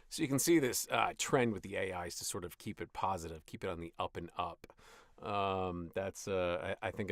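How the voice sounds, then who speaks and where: Deep gravelly-voiced man recording voiceover. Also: no room sound, clean studio sound. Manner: reads scripted lines, then chats loosely about his delivery. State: tired voice. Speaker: voice actor. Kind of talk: voiceover session with casual commentary.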